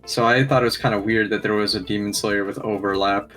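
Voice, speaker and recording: Laid-back young male co-reviewer, slightly low voice, faint music in the background. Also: steady tone, fast talker, a bit bright. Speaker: guest co-reviewer. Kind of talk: casual anime review chat. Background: faint game music.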